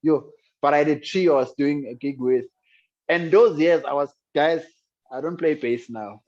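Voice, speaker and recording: A man's voice: fairly high pitch, normal speed, a little mellow. A man with a South African accent, a guest musician telling his story in an interview in a reflective, earnest way. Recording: dull lo-fi sound.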